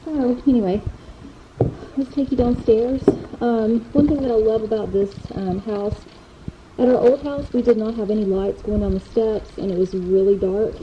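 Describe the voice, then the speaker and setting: A woman's voice: fairly high pitch, fairly even intonation, moderate pace, highs cut off, noisy background. Chatty woman touring her new house. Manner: chatty, rambling, many fillers and restarts. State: out of breath. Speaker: vlogger giving a house tour. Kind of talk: casual house tour narration. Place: indoors, a house.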